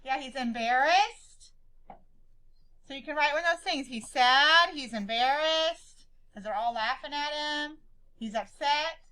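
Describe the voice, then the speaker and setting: A woman's voice: high-pitched, unhurried, pushed and bright, low-quality recording. A woman teacher leading a classroom reading lesson, asking questions again and again and calling on pupils by name. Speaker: schoolteacher.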